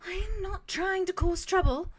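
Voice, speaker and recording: A woman voicing a young female tiefling bard with a light, airy voice and quick chatter. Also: very high voice, pitched above the performer's own voice. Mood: pleading. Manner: pleading then indignant, quick chatter.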